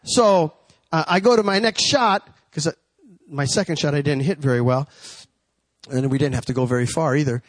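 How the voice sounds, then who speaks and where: A man preaching a sermon, rising to high, drawn-out shouts and dropping into a low, chatty story. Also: dry recording.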